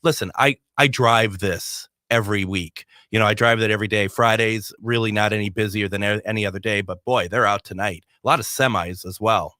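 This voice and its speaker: Bright-voiced male radio host, rambling. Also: lowish voice, steady tone, fairly quick, few pauses, no room sound, clean studio sound. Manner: rambling, many restarts. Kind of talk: casual radio chat. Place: radio studio.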